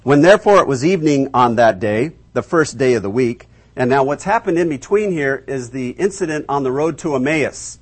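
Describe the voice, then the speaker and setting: A man preaching a lively storytelling sermon, asking his listeners questions and acting out the voices of the people in the story. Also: medium pitch, brisk, hardly any pauses, slightly rough. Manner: acts out voices of biblical figures, asks the audience questions.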